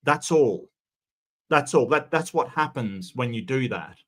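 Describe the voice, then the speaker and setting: Male commentary host, lively up-and-down delivery, incredulous reactions. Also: measured pace. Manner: incredulous, rising in pitch when objecting. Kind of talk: casual live commentary.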